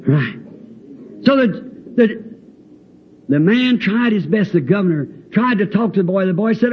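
A man's voice: high voice, expressive, measured pace, long pauses. A man preaching a fervent sermon, acting out dialogue and breaking into hymn lines. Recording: dull lo-fi recording with faint hiss.

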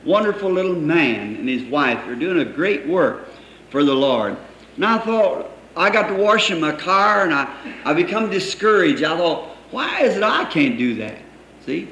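Preacher guy, kinda high voice, folksy storytelling sermon, echoey old church tape with a bit of hiss. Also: sing-song, normal speed, fairly bright tone. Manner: folksy storytelling, quoting others, chuckling.

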